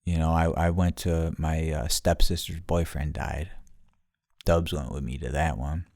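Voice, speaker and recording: A middle-aged man on a podcast, casually telling a profane, animated story full of quoted voices. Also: a bass voice, unhurried, no echo, studio quality. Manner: profane, animated retelling with quoted voices, turning quiet and somber. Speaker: podcast host.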